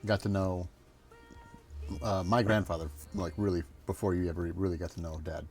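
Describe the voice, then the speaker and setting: A man's voice: low voice, steady tone, normal speed, darkish tone, soft background music. A man, a streamer, chatting with his mother and cutting in with playful, teasing questions. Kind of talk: casual chat.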